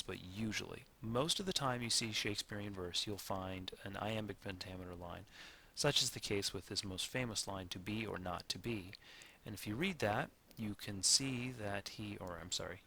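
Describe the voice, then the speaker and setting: A man lecturing a class in a low, gravelly voice that still has a bright, forceful edge. He talks deliberately, slowing to sound out stressed syllables and pausing to correct himself. There is a faint hiss of room noise under him. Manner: pauses and corrects himself mid-sentence.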